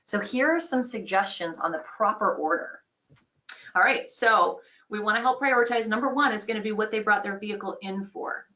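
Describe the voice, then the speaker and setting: Bright-voiced woman sales trainer. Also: medium pitch, normal speed. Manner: upbeat, explanatory, conversational. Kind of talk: online training course.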